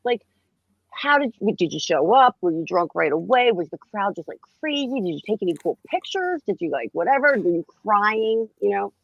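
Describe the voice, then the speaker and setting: A woman's voice: medium pitch, big pitch swings, moderate pace, vocal fry, dry recording. A woman hosting a casual live-stream chat, rambling and laughing as she talks. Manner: rambling, laughing, restarts often. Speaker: host. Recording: dull lo-fi dry sound.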